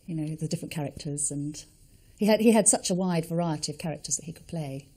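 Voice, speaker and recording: A middle-aged woman thoughtfully reminiscing in an interview, pausing to find words. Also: sits low, warm tone.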